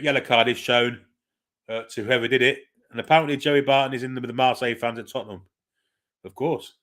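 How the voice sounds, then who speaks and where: A man's voice: medium pitch, steady tone, fast, a bit bright. Man, football watchalong host, casual play-by-play, blunt, swears a lot. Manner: chatty and blunt, swears freely, reads out viewer comments. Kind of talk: casual live match commentary.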